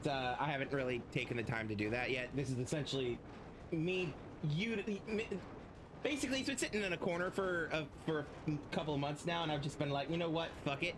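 A man's voice: mid-range voice, fast, background noise. A man casually commenting on his gameplay as a streamer, rambling and swearing freely.

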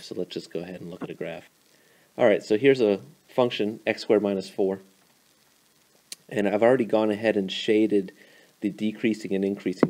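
A man's voice: fairly low pitch, mellow. A man teaching math, explaining a graph in a casual, informal way with a few fillers. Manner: informal, fillers, playful sound effects.

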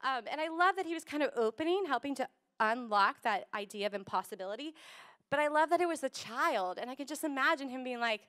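A woman pastor giving a casual, animated sermon and acting out voices, streamed over a video call. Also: high voice, fast, smooth.

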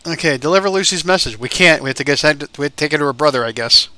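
A man's voice: a little high, lively intonation, rapid-fire, bright, forceful tone, no echo. A man giving casual let's-play commentary, rambling and thinking aloud with lots of fillers. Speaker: gaming YouTuber.

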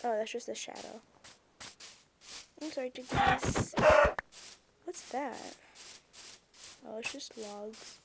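A young woman giving casual, excitable commentary over her own gameplay, easily flustered and exclaiming at what happens on screen. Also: a little high, slow pace, long pauses, heavy background noise. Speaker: gameplay streamer.

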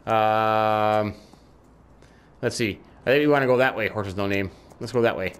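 A man giving chatty let's-play commentary, talking to his in-game horse and jumping up in pitch when excited. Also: moderate pace, clean tone. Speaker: gaming YouTuber.

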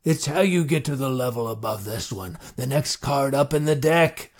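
A man voicing a tall, old cowboy marshal with a dry, grumbly, low drawling voice. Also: animated, normal speed. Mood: gruff.

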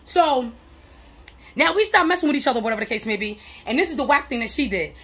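High-pitched, gravelly-voiced blunt woman. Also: fast talker. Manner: animated, slangy and blunt, repeats for emphasis. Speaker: relationship advice vlogger. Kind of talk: casual straight-talking monologue.

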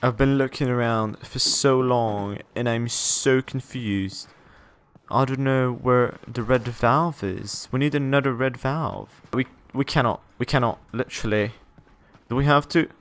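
A young man playing a horror game and talking through it, jittery and quick to exclaim and repeat words when scared. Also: medium pitch. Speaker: gaming YouTuber. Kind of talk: horror game let's play commentary.

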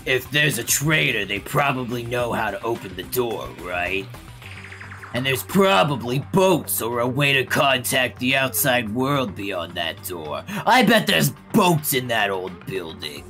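Man as gravel-voiced young hothead, pushy, lively delivery. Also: medium pitch, unhurried, faint music behind, heavily acted. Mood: thoughtful. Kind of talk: fan voice acting of a game.

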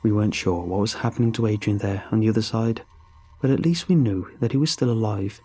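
A man narrating a horror story in a steady, grave storytelling voice. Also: fairly low pitch, fairly quick, breathy edge.

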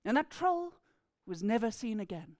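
A woman's voice: a little high, sing-song, moderate pace, a little mellow, no echo, clean studio sound. A woman from England, telling a folk tale expressively to an audience. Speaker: storyteller. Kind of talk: oral storytelling to a live audience.

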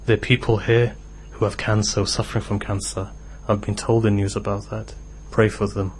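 A man's voice: fairly low pitch, level tone, moderate pace, slight background noise. A man with a British accent preaching a sermon in a mosque hall, telling stories and rising to impassioned exhortation.

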